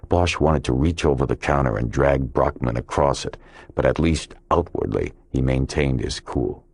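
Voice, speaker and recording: A man with a very deep, low voice reads a crime audiobook in measured, scripted narration. The recording is dry and close, with no room sound. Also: a little mellow, breathy edge, no room sound.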